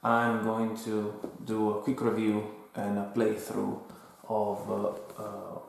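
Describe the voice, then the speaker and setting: A man with an Italian accent calmly reviewing a board game and explaining its rules, in an unhurried, slightly hesitant way. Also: fairly low pitch, vocal fry. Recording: very echoey room.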